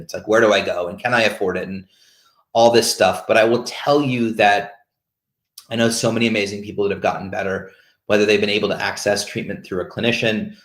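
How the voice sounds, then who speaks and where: A man speaks openly and casually on a video call, often stopping and restarting as he searches for words. His voice sits on the low side. The room adds a noticeable echo. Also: a bit bright. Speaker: host of a peer support call. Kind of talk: candid casual talk. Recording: roomy echo.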